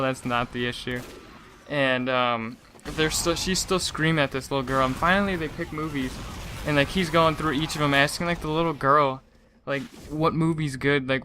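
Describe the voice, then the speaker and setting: A young man tells a long, meandering story in a loose, chatty way, stumbling and restarting often. His voice has a bright, forward edge. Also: medium pitch, slight background noise. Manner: rambling, lots of "like" and restarts, laughing asides. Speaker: gaming channel host. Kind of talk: casual storytelling rant.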